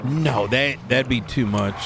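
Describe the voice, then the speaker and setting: A man's voice: medium pitch, measured pace, over a noisy crowd. A man playing a police officer in role-play, reasoning things out and asking questions. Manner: questioning, reasoning, laughs easily. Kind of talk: in-character role-play chat. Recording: clear background noise.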